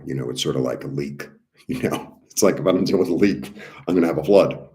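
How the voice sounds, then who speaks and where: A man's voice: very deep voice, a little fast, long pauses, dark tone. A man giving a casual, rambling spiritual talk about healing, with many fillers and restarts. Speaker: spiritual healer.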